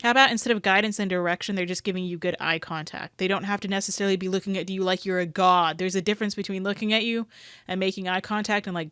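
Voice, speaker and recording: Brief: woman dog trainer reacting to a clip, opinionated and rambling, clear voice, dry sound. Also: medium pitch, steady tone, fast, a bit bright, dry recording. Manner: opinionated, rambling, many hedges. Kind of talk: reaction commentary.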